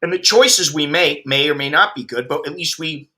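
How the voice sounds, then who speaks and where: A man's voice: a little high, moderate pace, pushed and bright. An American man in his fifties, a vlogger ranting bluntly and profanely while chatting with his viewers. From United States. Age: 50s. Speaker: expat vlogger. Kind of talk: ranting livestream chat with viewers.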